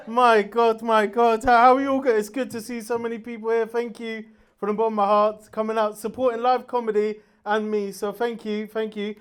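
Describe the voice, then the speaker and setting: A man doing a stand-up comedy routine on stage, loud and brash, laughing at his own jokes. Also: sits high, little pitch movement, a little fast, smooth, a faint crowd.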